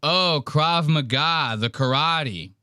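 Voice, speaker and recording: A man's voice: fairly high pitch, takes it slowly, music in the background. A man hosting a podcast, casually commenting on clips, swearing freely and acting out the people he quotes. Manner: animated, profane, acts out quotes in varied voices. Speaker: podcast host.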